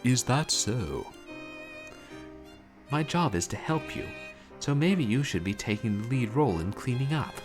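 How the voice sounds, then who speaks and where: A man reading a dating game aloud, voicing a haughty rich pigeon who barks curt, slow orders. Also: mid-range voice, lively intonation, pitched above the performer's own voice, close to an everyday voice. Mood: bossy. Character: haughty rich male pigeon, bossy council president. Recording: game music behind the voice.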